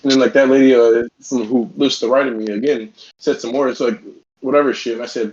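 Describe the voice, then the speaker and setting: A man talking fast on a casual podcast, telling a heated story full of profanity. His voice sits in an ordinary middle pitch. The audio is dull and lo-fi. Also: steady tone, a little mellow. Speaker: podcast co-host.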